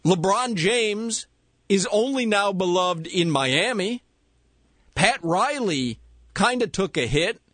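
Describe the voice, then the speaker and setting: A man's voice: high voice, lively intonation, slow pace, fairly bright tone, no echo. A man co-hosting sports talk radio, opinionated and teasing, close on a studio mic. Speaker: radio co-host.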